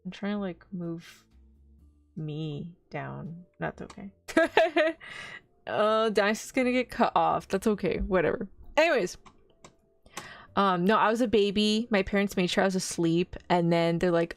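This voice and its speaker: A woman's voice: lowish voice, normal speed, no echo. A young adult woman streaming as a VTuber, chatting casually in a bubbly, rambling way, giggling and answering chat.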